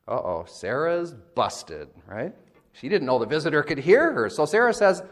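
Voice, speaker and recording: A man preaches a sermon in a relaxed, wry, conversational way. His voice sits at a medium pitch but rises and falls widely. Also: normal speed. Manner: conversational, wry, acts out quotes. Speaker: pastor.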